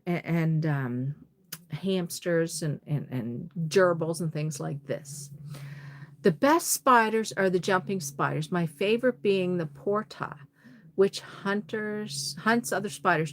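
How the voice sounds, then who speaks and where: A woman's voice: lowish voice, a bit bright. A woman hosting a casual livestream, reading out viewer comments and chatting back with laughs and exclamations. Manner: chatty, reads comments aloud and reacts with laughs.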